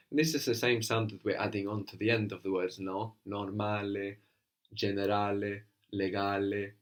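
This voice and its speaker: A man with a fairly low voice leads a spoken language lesson. He talks patiently and coaxingly, slowing down to model each sound clearly for a student. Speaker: language teacher.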